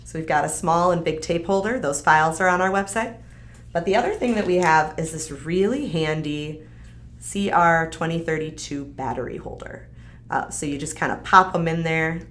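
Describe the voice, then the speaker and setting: Her voice sits low and sounds a bit bright, moving at a moderate pace. As a live-stream host, she walks viewers through a craft kit in a chatty, upbeat, casual demo full of fillers.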